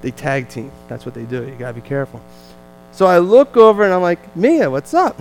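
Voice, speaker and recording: A man with a New Jersey accent, a visiting missionary telling a lively, self-deprecating family story to a church congregation. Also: mid-range voice, quick pace, creaky, slight background noise, poor audio.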